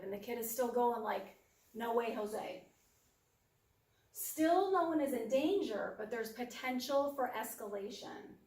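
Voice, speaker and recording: A woman giving a practical parenting workshop who now and then acts out what a parent would say to a child. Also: high voice. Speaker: workshop presenter. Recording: echoey room, speaker far from mic.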